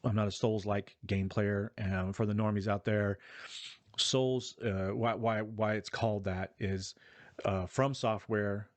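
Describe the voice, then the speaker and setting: A man's voice: fairly low pitch, steady tone, measured pace, dry recording. A man giving a casual, rambling and profane spoken review of a video game. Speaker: gaming vlogger.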